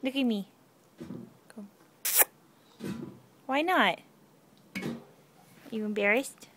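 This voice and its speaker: High-voiced mother coaxing her toddler. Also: drawn-out words, noisy background. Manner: sing-song coaxing, blowing kisses. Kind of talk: playful coaxing home video. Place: outdoor lanai at home. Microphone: handheld camera.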